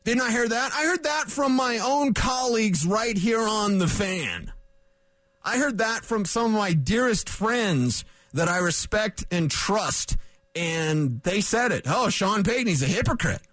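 A man's voice: high-pitched, expressive, slow, a bit bright, no room sound. A male sports radio host delivering a fired-up, combative rant in a studio, hammering his points with repetition. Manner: emphatic, combative, repeats points for punch.

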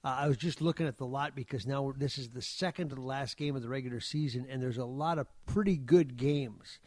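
A man's voice: medium pitch, a little fast, darkish tone, dry recording. A man talking casually on the radio as a sports reporter, easygoing, with many fillers and restarts.

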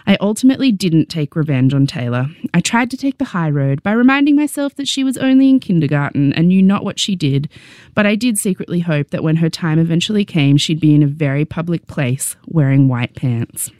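A young adult woman with an Australian accent narrating her memoir with wry, deadpan humor. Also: low-pitched, brisk, no room sound, clean studio sound.

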